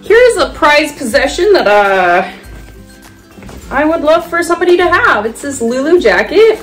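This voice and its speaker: A woman's voice: high-pitched, sing-song, a little slow, faint music behind, low-quality recording. A young woman from California chatting casually and playfully in her own vlog. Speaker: vlogger.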